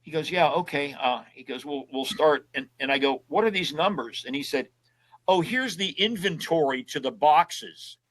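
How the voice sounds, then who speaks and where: A man's voice: on the high side, expressive, moderate pace, a bit bright, poor audio. An older man, a guest in an interview, telling casual stories and acting out both sides of old conversations in a folksy way. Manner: folksy storyteller who acts out both sides of past conversations.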